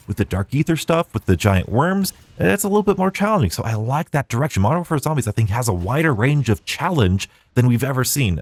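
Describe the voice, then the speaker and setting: A young man hosting a casual solo podcast, talking in an animated, rambling way with frequent restarts. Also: fairly low pitch. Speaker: podcast host.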